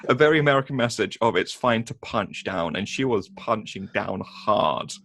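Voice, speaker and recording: Man, film podcast co-host, halting and sarcastic, dry recording. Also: lowish voice, animated, a bit bright, no room sound. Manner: hesitant, many ums and restarts, sarcastic. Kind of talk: casual film review chat.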